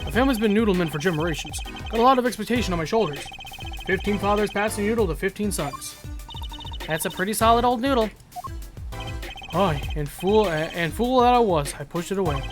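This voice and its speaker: A gruff, chatty noodle vendor who talks like everyone's an old pal, played by a streamer reading a game. He leans on a folksy "eh?" at the end of his lines. Game music plays clearly underneath. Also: medium pitch, animated, fairly quick, natural voice. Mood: rambling. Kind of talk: voice acting a game playthrough.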